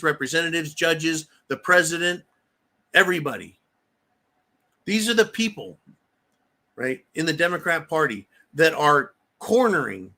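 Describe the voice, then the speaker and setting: A man's voice: on the high side, bright, forceful tone. A middle-aged man hosting a live stream, reading viewer comments and answering them in a profane, emphatic rant.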